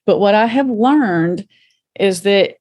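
A woman's voice: mid-range voice, expressive, takes it slowly, a little mellow. A middle-aged woman guest telling her story earnestly, with compassion and vivid retelling. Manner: faith-centered, speaks with compassion. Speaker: podcast guest. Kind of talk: conversational interview.

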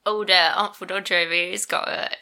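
A woman's voice: lowish voice, fairly even intonation, fast, bright, forceful tone. A woman playing a tabletop game, joking in a chummy way. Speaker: player. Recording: noisy background.

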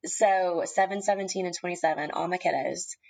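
Woman, 30s, lower pitch; heartfelt, halting personal testimony, near tears at times. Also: fairly even intonation, creaky, darkish tone, rough recording. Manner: tearful at times, halting with many ums and restarts. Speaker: guest sharing a personal story. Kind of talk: emotional personal storytelling.

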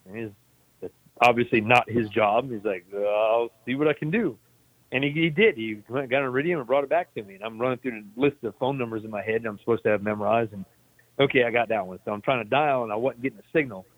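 A man's voice: medium pitch, quick pace, no echo. An army veteran telling a story in a laid-back, profane way, laughing as he goes. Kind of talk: casual storytelling. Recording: tinny phone-like line.

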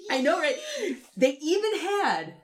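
A woman's voice: high voice, big pitch swings, unhurried, very noisy. A woman co-hosting a casual chat, talking with gushing enthusiasm. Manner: enthusiastic, gushing fan talk. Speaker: podcast co-host.

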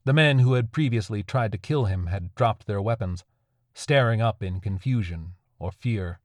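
A man narrating a dark horror story in a measured, grim way. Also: lowish voice, dry recording.

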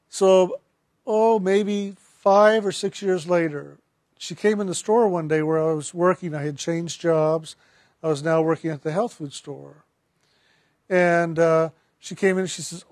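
A man who works as a spiritual counselor telling a personal story in an earnest, gentle way, with frequent restarts. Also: sits high, a little slow, dry recording, clean studio sound.

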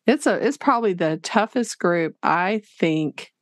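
Animated woman teacher. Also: lowish voice, measured pace, no echo, clean studio sound. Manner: animated, laughing, acts out quotes. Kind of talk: casual storytelling interview.

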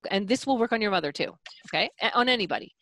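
Animated woman parenting coach. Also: mid-range voice, rapid-fire, no room sound. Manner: animated, demonstrative, explains with acted examples. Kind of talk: coaching talk.

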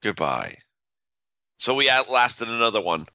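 A man's voice: medium pitch, big pitch swings, unhurried, gravelly, sharp tone, no room sound. A man co-hosting a podcast, playful and wisecracking in casual banter on a close mic. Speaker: podcast co-host.

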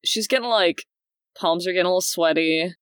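A woman's voice: on the low side, brisk, fairly bright tone, clear, resonant tone, no room sound, clean studio sound. A woman playing a tabletop game, chatting casually and laughing often. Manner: giggly, chatty. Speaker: player.

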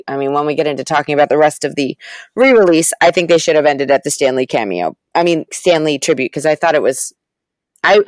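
A woman talking in a casual chat as a podcast guest, animated and laughing as she rants. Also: fairly low pitch, dry recording.

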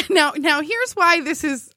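A woman telling a story in a casual comedy chat, animated and laughing often, acting out quotes in a shrill yell. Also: slow pace, no echo, clean studio sound.

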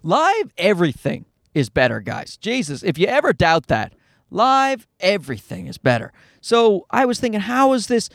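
A man's voice: sits high, moderate pace, dry recording, clean studio sound. A man hosting a podcast alone from a parked car, telling rambling, profane, self-mocking stories about being a father. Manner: profane, animated and self-deprecating. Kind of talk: casual rambling storytelling monologue. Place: parked car in a parking lot.

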